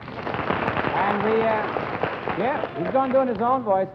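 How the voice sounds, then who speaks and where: A young man hosting a live comedy TV show, coaxing his nervous partner as a relaxed straight man. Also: high-pitched, a little slow. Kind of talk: live TV variety banter. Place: TV studio stage before an audience. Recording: dull 1950s TV broadcast with hall reverb and noise.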